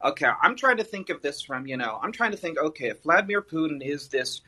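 A man's voice: a little high, animated, fast talker, sharp tone, husky, poor audio. A man in his early thirties calling in to a podcast, talking casually in a rambling, hesitant way with many fillers. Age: 30s. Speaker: caller. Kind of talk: casual chat.

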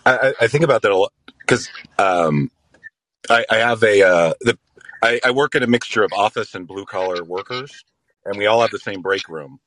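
Male caller, very low voice, dry close sound; rambling and halting, casual chat. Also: a bit bright, no echo. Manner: rambling, halting, with many fillers.

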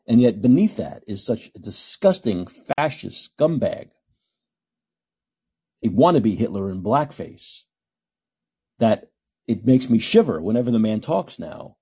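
Husky, combative male podcast host. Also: fairly low pitch, very animated, unhurried, long pauses, mellow. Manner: combative, sarcastic ranting. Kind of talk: solo call-in podcast commentary.

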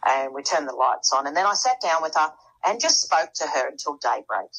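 A woman tells her story in an animated, dramatic way, slipping into the voices of the people she quotes. Her voice sits low and sounds husky. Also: a little fast, low-quality recording. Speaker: guest. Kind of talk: storytelling in casual conversation.

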